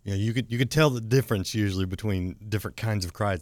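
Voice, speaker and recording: A middle-aged man hosting a talk show, telling a story in a relaxed way with many restarts. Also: fairly low pitch, quick pace, dry recording, clean studio sound. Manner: warm anecdotal, frequent restarts and repeated words. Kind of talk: casual conversational storytelling.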